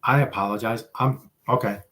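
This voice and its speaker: A man's voice: medium pitch, steady tone, moderate pace, fairly bright tone. A man hosting a casual livestream, chatting with viewers in a rambling, self-deprecating way. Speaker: livestream host.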